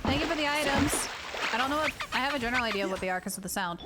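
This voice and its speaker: A woman's voice: sits high, animated, racing, over loud music. A woman streaming a game live, chatting to viewers, exasperated and self-mocking, laughing often.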